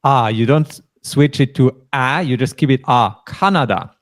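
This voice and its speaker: A man's voice: medium pitch, moderate pace. Patient man teaching pronunciation. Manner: patient, explains pronunciation, prompts the learner to repeat. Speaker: German teacher. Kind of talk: language lesson.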